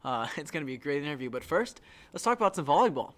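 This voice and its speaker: A man's voice: fairly high pitch, big pitch swings, fast talker, fairly bright tone. A man co-hosting a sports podcast in a studio, upbeat and asking his co-host questions. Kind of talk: casual sports chat. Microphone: studio microphone.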